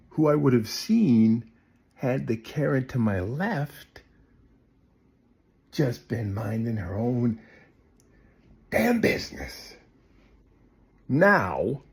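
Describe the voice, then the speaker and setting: A man telling a comic story to the camera, swinging between loud bursts and hushed asides. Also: fairly low pitch, husky.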